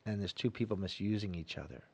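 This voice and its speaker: A middle-aged man giving an earnest, sermon-like reflection in a studio, swinging between loud emphasis and soft asides. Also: lowish voice, fast, vocal fry, breathy edge. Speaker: Catholic radio host.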